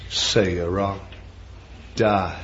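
A man preaching a sermon, dramatic and deliberate, moving from quiet musing to loud cries and drawing out his words. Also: low-pitched, steady tone. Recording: dull lo-fi recording with faint ambient noise.

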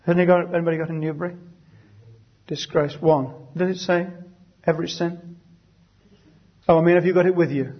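A man leading a Bible study, reading verses slowly and deliberately and then explaining them conversationally. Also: on the high side, steady tone, slightly rough, muffled recording.

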